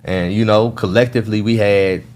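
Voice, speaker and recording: A man's voice: fairly low pitch, steady tone, normal speed, darkish tone. Houston guy, 30s, chill slangy storyteller, says bro a lot, light hiss in the background. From Houston, Texas. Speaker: entrepreneur guest. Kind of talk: casual storytelling interview.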